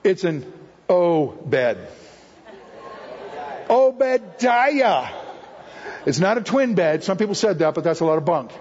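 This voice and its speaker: A man's voice: sits high, big pitch swings, slow, long pauses, darkish tone, a little hiss or hum. A male guest speaker giving a jokey sermon full of puns, acting out the voices he quotes. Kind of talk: humorous sermon teaching. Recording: echoey hall, dull lo-fi sound.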